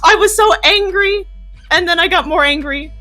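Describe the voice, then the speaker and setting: Woman, high bright voice, dramatic animated ranting, voice-call audio. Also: moderate pace, soft background music. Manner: animated, dramatic, laughing through her complaints. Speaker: panel guest. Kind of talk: casual reaction rant.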